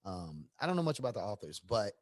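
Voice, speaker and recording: A Chicago man in casual podcast chat, his pitch swinging widely as he argues. He is blunt and profane, and he climbs close to a shout when he gets worked up. He sounds like a regular co-host laying out his view to friends. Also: fast. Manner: animated, profane, rising to near-shouts when riled up.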